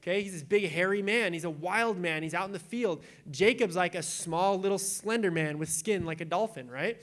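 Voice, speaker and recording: A young adult man preaching in a casual, animated way, retelling scripture with acted-out quotes. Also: high voice, moderate pace. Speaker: pastor.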